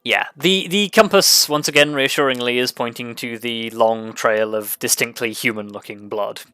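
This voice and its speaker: A man running a tabletop game as game master, narrating in a hesitant way with many pauses and restarts. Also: medium pitch, sharp tone, clear, resonant tone, dry recording, soft background music. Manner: hesitant, full of ums and restarts.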